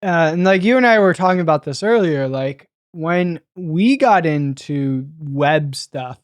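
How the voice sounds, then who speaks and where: A man with a fairly high voice hosts a casual tech podcast. He talks fast and laughs a lot, and now and then he slips into joking voices. The sound is close and dry. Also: lively intonation, no echo. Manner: quick, laughing often, fond of joking voices. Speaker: podcast host.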